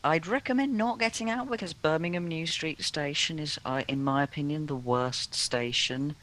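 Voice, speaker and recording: A man's voice: fairly high pitch, normal speed, fairly bright tone. A man chatting over a train game, hesitant with many ums and a dry sense of humour. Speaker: co-host. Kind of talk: casual gameplay chat. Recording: clear background noise.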